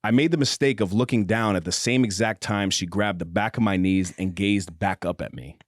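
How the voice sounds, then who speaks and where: Male podcast host, low and measured, dry studio sound, good for audiobook reading. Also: dry recording. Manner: low, measured reading voice, joking between passages. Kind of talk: casual chat, reading a novel excerpt aloud. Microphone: studio microphone with headphones.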